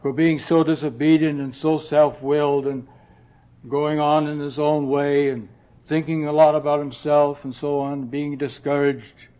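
A man preaching a sermon in a slow, earnest way, often dropping to a soft hush and clearing his throat. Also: a little high, level tone. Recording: dull lo-fi recording.

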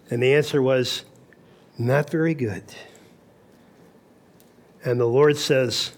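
A man's voice: mid-range voice, unhurried, pauses often. A man preaching a sermon at a camp meeting, telling Bible stories and acting out the dialogue. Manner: storytelling, acts out dialogue in quotes.

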